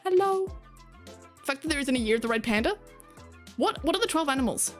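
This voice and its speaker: High-voiced and animated, an Australian woman talks fairly quickly on her stream while faint music plays. She reads chat aloud in a relaxed way, laughs often, and swears casually.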